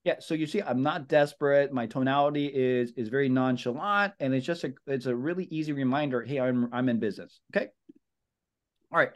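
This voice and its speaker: A man's voice: medium pitch, fairly quick. A man coaching real estate agents at a team meeting. He speaks casually and with energy, repeats his points, and calls his listeners "guys" and "brother.". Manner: energetic, repetitive, acts out sample phone calls. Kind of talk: team meeting training talk.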